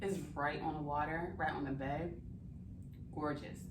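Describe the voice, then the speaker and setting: A young adult woman vlogger telling a travel story in casual chat, animated and swearing freely, recorded in a hotel room. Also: low voice, a little slow, background noise. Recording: echoey room, camera at a distance.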